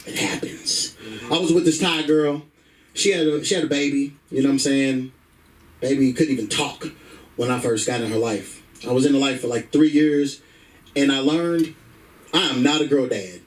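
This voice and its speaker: A man's voice: mid-range voice, normal speed, recorded from a distance, low-quality recording. Brash, profane male stand-up comic. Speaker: stand-up comedian. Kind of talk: stand-up comedy set. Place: comedy club stage.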